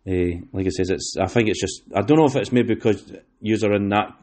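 A Scottish man from West Lothian hosts a casual podcast, his voice fairly low and darkish in tone, moving a little fast. He rambles, using plenty of fillers and restarts.

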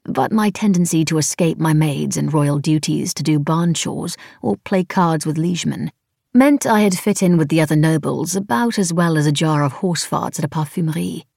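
A woman narrating a novel in the first person, with wry, even storytelling. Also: low-pitched, moderate pace, gravelly, no echo, clean studio sound. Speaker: audiobook narrator.

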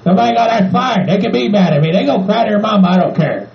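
A man's voice: high voice, expressive, fast, vocal fry. A man voicing a cranky, foul-mouthed hillbilly man who rants and swears. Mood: furious. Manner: ranting, swearing, says "by God". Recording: echoey muffled room, faint noise.

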